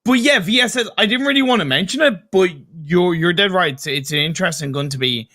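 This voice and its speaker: A man's voice: high-pitched, expressive, a little fast, sharp tone. A man with an Irish accent giving live esports colour commentary, chatty and analytical. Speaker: esports co-caster.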